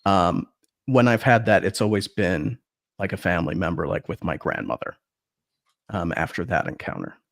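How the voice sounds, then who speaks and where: Guy from wisconsin, ghost investigator guest, lowish voice, kinda hesitant, dry close sound. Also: expressive, normal speed, vocal fry, a bit bright, no echo. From Wisconsin, United States. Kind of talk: interview answers.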